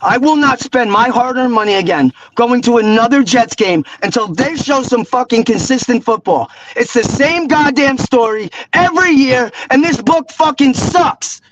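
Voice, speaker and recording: A man's voice: very high-pitched, lively intonation, moderate pace, hardly any pauses, crowd noise, poor audio. A man with a New York accent calling in to a sports podcast, ranting with profanity and sarcasm. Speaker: caller. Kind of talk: angry call-in rant.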